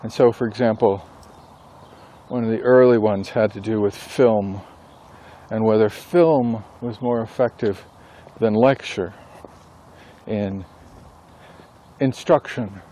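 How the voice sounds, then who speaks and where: A man who writes books and teaches a class, talking casually and thinking aloud with pauses and self-corrections. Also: lowish voice, dark tone. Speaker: author and instructor. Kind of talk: casual rambling monologue.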